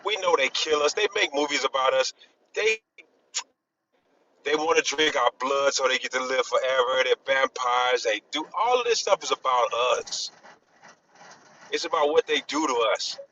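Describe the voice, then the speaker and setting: A man in a casual group discussion, talking in a rambling, halting way with many restarts and emphatic bursts. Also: mid-range voice, sharp tone, highs cut off, a little hiss or hum. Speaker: discussion panelist.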